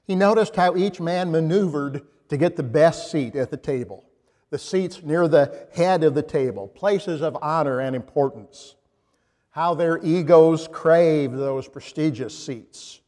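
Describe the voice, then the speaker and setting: A man preaching a sermon in a reflective storytelling manner, pausing and restarting as he speaks. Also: a little high, a little mellow, in a large hall.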